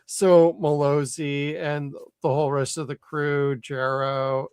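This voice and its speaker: A man's voice: a little high, level tone, slow, a little mellow, clear, resonant tone, no room sound. A man hosting a live podcast, chatting loosely and swearing freely. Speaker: podcast host. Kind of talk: casual live podcast chat.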